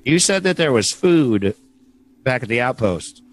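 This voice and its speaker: A man's voice: mid-range voice, big pitch swings, unhurried. A man player speaking in character, hesitant and stammering as he objects. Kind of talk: in-character game play.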